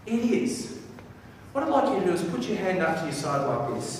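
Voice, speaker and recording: A man giving a motivational talk on stage, animated and coaxing the audience to answer back. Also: high-pitched, a little fast, slight background noise. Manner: animated, coaxing the crowd into call-and-response. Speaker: motivational speaker. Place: large hall with a live audience. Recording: echoey hall, voice picked up from a distance.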